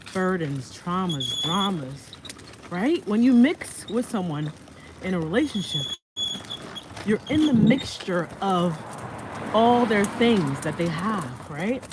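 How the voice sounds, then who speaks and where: A woman walking outdoors with a stroller, chatting casually and rambling about her art, often laughing. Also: medium pitch. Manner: rambling, laughing, talks to her baby in a sing-song voice. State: pushing a stroller while walking. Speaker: vlogger and artist. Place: outdoors on a walk. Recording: noisy outdoor phone recording.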